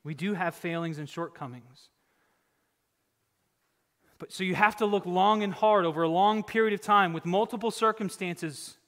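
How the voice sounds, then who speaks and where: A male pastor delivers a sermon in a high, bright, ringing voice. He is emphatic, rising to loud exhortation and dropping to near-whispers. The sound carries the long reverb of a church hall. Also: moderate pace, long pauses.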